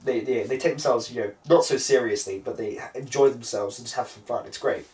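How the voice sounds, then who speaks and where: A man's voice: medium pitch, quick pace, darkish tone. A man co-hosting a casual film podcast, rambling and swearing often as he retells scenes. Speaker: podcast co-host. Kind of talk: casual chat about films. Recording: roomy, distant mic.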